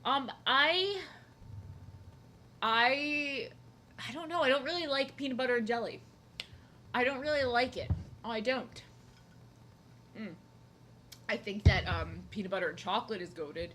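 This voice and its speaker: A woman's voice: a little high, a little slow, long pauses, sharp tone, slight background noise. A young woman chatting casually while she draws at home, rambling from joke to joke and often cutting herself off mid-sentence. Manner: rambling, jokey, self-interrupting. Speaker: art streamer. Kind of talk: casual chat while drawing. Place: home, seated at desk.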